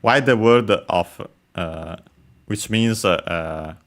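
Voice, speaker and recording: Slow, low-voiced man teaching Japanese words. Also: fairly bright tone. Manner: hesitant, many filler sounds, careful and methodical. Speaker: language teacher. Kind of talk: explaining Japanese words while playing a game.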